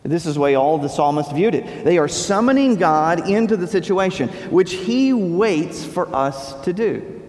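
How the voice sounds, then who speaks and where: A male pastor delivering a sermon, preaching with dramatic pauses and rising emphasis. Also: sits high, animated, a little mellow. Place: church sanctuary. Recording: long reverb of a large hall.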